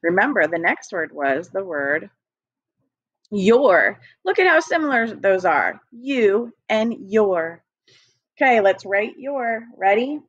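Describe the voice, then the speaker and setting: A slow, patient woman teaching young children, spelling words letter by letter in an encouraging tone. Her voice is dry and close, with a slightly dull, lo-fi sound. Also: mid-range voice, very animated, no echo. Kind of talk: recorded early-grade phonics lesson. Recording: dry, dull lo-fi home recording.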